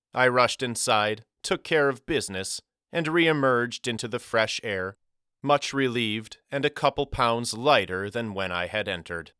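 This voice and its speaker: Guy reading an audiobook, wry measured storytelling, lowish voice, bright and crisp. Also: dry recording, studio quality. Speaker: audiobook narrator. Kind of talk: scripted first-person narration.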